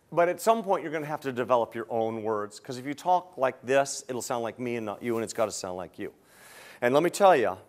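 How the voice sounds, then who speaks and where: An older man teaching hotel sales, telling a story and acting out both sides of his phone calls. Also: medium pitch.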